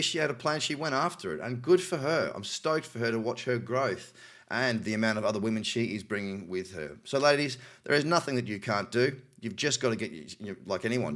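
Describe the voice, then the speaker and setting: A man's voice: medium pitch, a bit bright. A man with an Australian accent hosting a crypto news show, reading articles aloud and adding cynical, chatty asides. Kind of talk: casual news commentary.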